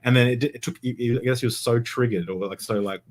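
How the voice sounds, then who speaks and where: A young man hosts a podcast, chatting casually and rambling, full of fillers and restarts. His voice is medium in pitch and steady in tone, and he talks fast.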